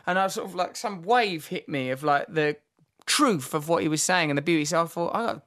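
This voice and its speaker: A man, hosting a podcast and telling candid stories in a vivid, animated way, with fillers and restarts. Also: a little high, a little fast. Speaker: podcast host. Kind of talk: candid conversational storytelling.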